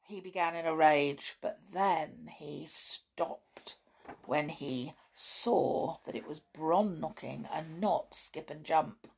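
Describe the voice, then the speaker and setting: A woman reading a children's story aloud in an animated way, with chatty asides. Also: deep voice, takes it slowly, creaky, a little hiss or hum.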